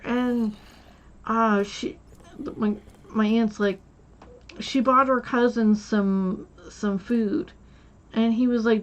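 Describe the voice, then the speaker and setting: A woman's voice: fairly high pitch, unhurried, darkish tone, lo-fi sound. A woman streamer telling a long childhood story in a casual, rambling way, with many restarts and quoted voices. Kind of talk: casual storytelling while gaming.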